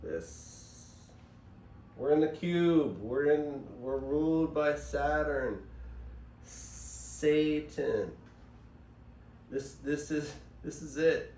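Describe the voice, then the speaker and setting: A man's voice: on the high side, extremely slow, pauses often, a little mellow. A man hosting a casual spiritual monologue, rambling and digressive, recorded on a phone. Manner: rambling, digressive, self-interrupting. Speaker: host. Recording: echoey room, voice from far off, faint hiss.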